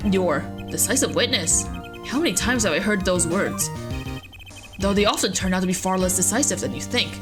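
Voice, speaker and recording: A woman voicing a calm male defense attorney who talks in a dry, slightly pompous, composed way. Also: medium pitch, normal speed, over music, natural voice.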